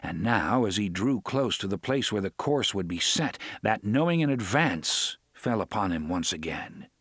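With a fairly low, slightly breathy voice, a male audiobook narrator delivers scripted narration in a measured, expressive storytelling style. The recording is dry and of studio quality.

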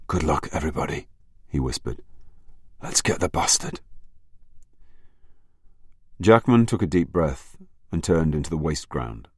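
A man narrating a crime novel audiobook in a measured, steady storytelling manner. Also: very deep voice, no echo, clean studio sound. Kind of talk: scripted narration.

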